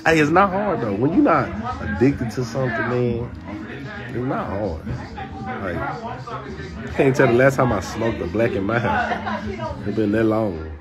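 Lively-voiced man on a livestream. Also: mid-range voice, measured pace, pauses often. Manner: rambling, laid-back, chats with viewers. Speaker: livestream host. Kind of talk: casual livestream chat. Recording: loud music and chatter behind.

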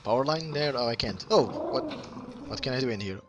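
A man commenting on a game he plays, excitable, laughing often and breaking into squeals and shouts. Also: medium pitch, fairly quick, slight background noise. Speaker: let's play host. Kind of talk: casual gameplay commentary.

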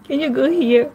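A woman vlogging with her pet, giggly, coaxing and pleading with it in casual talk. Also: high voice. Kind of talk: casual pet vlog narration.

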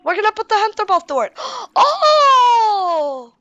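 A woman giving playful gameplay commentary on a game mod, excitable and gushing, baby-talking to her in-game pets. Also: very high-pitched, quick pace, no room sound, muffled recording. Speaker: YouTuber showing a game mod.

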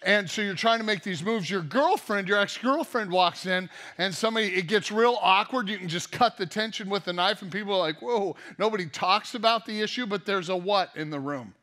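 High-voiced man preaching a sermon. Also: a little fast, few pauses. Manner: lively storytelling with jokey asides. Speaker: pastor.

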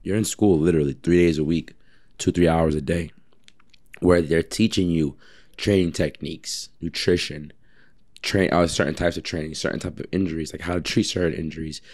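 A man, a personal trainer, telling stories in a casual podcast chat, with lots of fillers like "like" and "um" and a lively way of talking. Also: low-pitched, normal speed. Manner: animated storyteller, many fillers.

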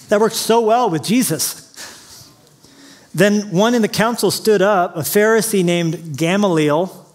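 A man preaching a sermon as pastor, mixing Bible reading with quick jokes and acted-out quotes. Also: sits high. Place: large church auditorium.

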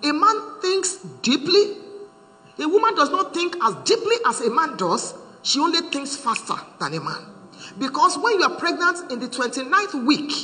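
A middle-aged woman preaching on marriage, animated and humorous, acting out the voices she quotes. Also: high-pitched. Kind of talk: sermon to a congregation. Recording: reverberant hall with faint hum.

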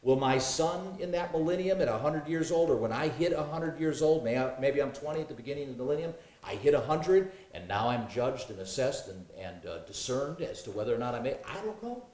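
A man's voice: medium pitch, animated, fairly quick, hardly any pauses, a little mellow, roomy sound. A man in a Bible study discussion, reading scripture aloud and musing with many fillers. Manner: reads scripture aloud, hesitant with fillers, jokes and laughs.

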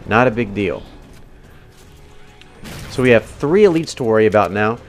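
A man narrates a game walkthrough, casually and instructively talking the viewer through each step of the gameplay. His voice is on the low side and expressive, at normal speed. Faint music plays behind him.

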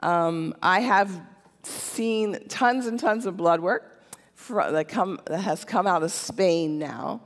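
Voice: medium pitch, slow. A church speaker giving a casual teaching talk, conversational and often checking in with "okay?". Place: church sanctuary. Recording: long church hall reverb.

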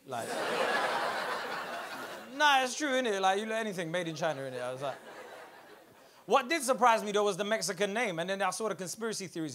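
A young man with a London accent doing a stand-up comedy set in a club, slangy and animated, swearing and laughing at his own jokes. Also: high voice, brisk, crowd noise.

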